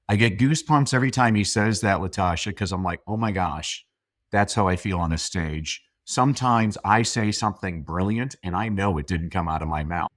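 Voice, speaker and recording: Deep-voiced enthusiastic man. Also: a bit bright, dry recording, clean studio sound. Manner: enthusiastic storyteller, quick to praise. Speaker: podcast guest, speaker and coach. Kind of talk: casual conversation.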